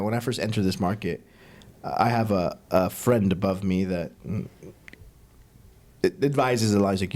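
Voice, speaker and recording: A man's voice: lowish voice, darkish tone. A man hosting a podcast, chatting casually and telling stories with plenty of swearing. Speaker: podcast host.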